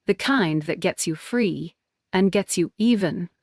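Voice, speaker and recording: A woman's voice: lowish voice, a little slow, a little mellow, no echo, studio quality. A woman reading the part of a firm, reassuring female friend. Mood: supportive. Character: supportive loyal female friend.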